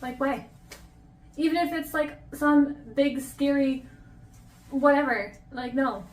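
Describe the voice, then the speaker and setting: A woman's voice: high voice, fairly even intonation, slow pace. A young woman in a casual reading reaction vlog, gushing and emotional, near tears as she talks. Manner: gushing and emotional, many exclamations. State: tearful. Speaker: book vlogger.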